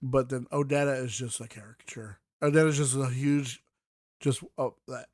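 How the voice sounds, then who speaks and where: A man's voice: medium pitch, fairly even intonation, moderate pace, a little mellow, no echo. Rambling male podcast host, dry sound. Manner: rambling, many fillers and restarts; mocking voices when quoting. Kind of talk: casual book review talk.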